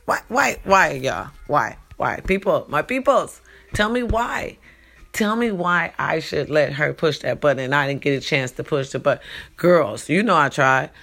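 Gravelly woman hosting her own talk show, preachy and animated, cussing, calling everyone y'all and baby. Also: low voice, measured pace. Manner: animated, preachy, swears freely, addresses listeners as y'all and baby. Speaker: podcast host. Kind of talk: casual live talk show monologue.

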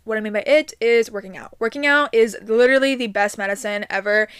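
A woman's voice: a little high, fast talker, a bit bright, clean tone, no room sound, clean studio sound. A young adult woman hosting her own podcast, giving casual upbeat advice with many ums and likes. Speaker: podcast host.

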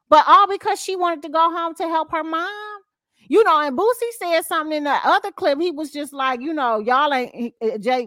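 A woman's voice: a little high, fairly bright tone, no room sound, studio quality. Bubbly gossip-show host woman. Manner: reacts with sighs and laughs, reads posts aloud with censored words. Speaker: podcast host. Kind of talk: casual gossip chat.

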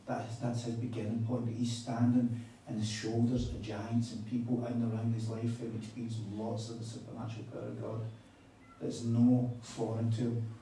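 A man preaching a sermon, telling a story in a chatty, animated way with quoted dialogue. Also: mid-range voice, moderate pace, a little hiss or hum. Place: conference hall on a weekend retreat. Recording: echoey hall, mic at a distance.

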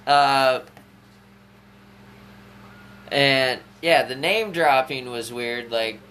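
A man's voice: mid-range voice, slow pace, sharp tone, slight background noise. A man guesting on a podcast, laid-back and using many fillers. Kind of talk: casual chat.

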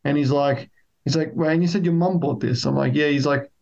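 A man's voice: fairly high pitch, fairly even intonation, a little fast, gravelly, darkish tone, muffled recording. A man chatting casually as a podcast co-host, rambling with lots of restarts. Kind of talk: casual chat.

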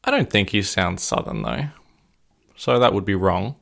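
A man co-hosting a podcast in a curious, questioning casual chat, quick to laugh. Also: low-pitched, wildly swooping pitch, creaky, fairly bright tone. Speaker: podcast co-host.

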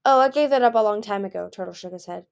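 A woman reading a novel chapter aloud, lifting her voice for the characters' lines. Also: creaky. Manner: reads briskly, raising pitch and volume for dialogue. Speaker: fan reader of a novel.

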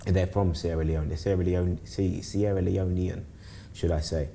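A man's voice: low voice, moderate pace, vocal fry, slight background noise. A young man from South East London with a London accent, a guest chatting casually, rambling with many restarts. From South East London, England. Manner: rambling, repeats words and restarts often, animated when telling stories. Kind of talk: casual conversation.

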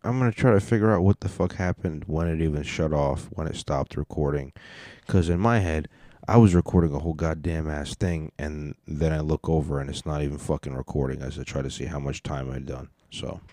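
Very deep-voiced man rambling as a podcast host. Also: a little fast, dark tone, no echo, clean studio sound. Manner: rambling, profane, self-deprecating. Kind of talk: casual comedic monologue. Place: home room at night. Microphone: mic turned up close.

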